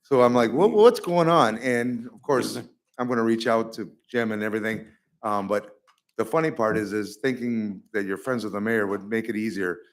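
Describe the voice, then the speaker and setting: A man's voice: on the low side, moderate pace. Chatty man telling a story at the podium. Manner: animated storyteller, acts out quotes, laughs at himself. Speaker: resident speaking at public comment. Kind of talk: anecdotal public comment. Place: city council chamber.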